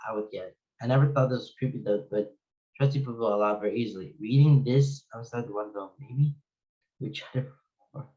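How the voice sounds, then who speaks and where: A man's voice: mid-range voice, dull audio. A man reading creepy stories aloud and reacting to them, musing to himself with exclamations and puzzled questions. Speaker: reaction video host.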